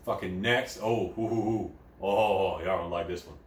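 A man hosting a crude comedy news show while high, rambling and swearing, with sudden loud outbursts. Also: moderate pace, few pauses, a little hiss or hum. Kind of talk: crude satirical news commentary. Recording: echoey room, mic at a distance.

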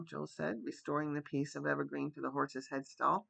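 A man reading a chapter book aloud as a gentle bedtime story. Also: medium pitch, level tone, moderate pace, vocal fry, few pauses, poor audio. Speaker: storybook reader. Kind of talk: reading a children's novel aloud.

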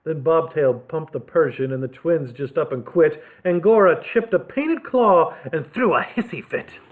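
A man hosting a children's library story time, reading picture books aloud with animated delivery and chatty asides. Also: on the high side, normal speed. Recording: lo-fi phone-like sound.

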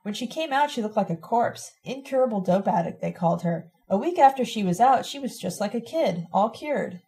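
A woman's voice: a little high, animated, brisk, gravelly, warm tone. A woman voicing an older, fatherly bearded man, speaking bluntly in an audiobook reading.

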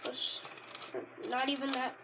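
A woman rambling casually in a vlog, easily delighted and bursting into loud exclamations. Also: high voice, steady tone, a little slow, background noise. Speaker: Pokémon card reviewer. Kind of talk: casual unscripted vlog chat.

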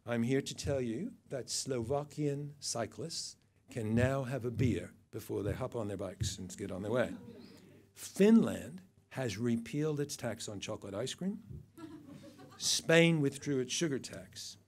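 A man's voice: medium pitch, lively intonation, measured pace. An older man giving a satirical awards speech to an event audience, dry and mocking, with wry asides. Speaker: awards presenter.

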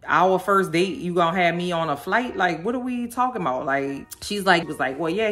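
Woman vlogger, sassy, animated, lowish voice, faint music behind. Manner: animated, sassy, talks straight to viewers. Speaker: video host reacting to a documentary. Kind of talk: casual commentary vlog.

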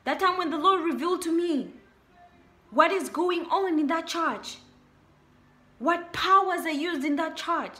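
A woman's voice: extremely high pitch, sharp tone. A young woman preaching a sermon, repeating her warnings and rhetorical questions with emphasis. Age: young adult.

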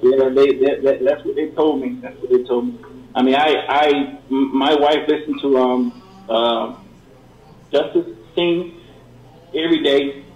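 A middle-aged man calling in to a radio show, giving an earnest, halting testimony with many repeated words. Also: mid-range voice, steady tone, darkish tone, muffled recording. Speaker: caller. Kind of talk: call-in testimony. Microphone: phone call. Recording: roomy call-in line.

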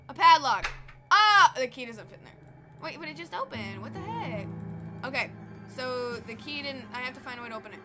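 A woman giving casual, excitable gameplay commentary, easily spooked and talking back to the game. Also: sits high, brisk. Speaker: let's play gamer. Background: game music.

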